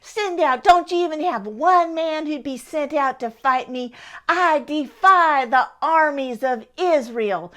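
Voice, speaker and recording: A woman's voice: high-pitched, slow, fairly bright tone. A woman voicing a boastful, menacing male giant warrior in a taunting, blustering way.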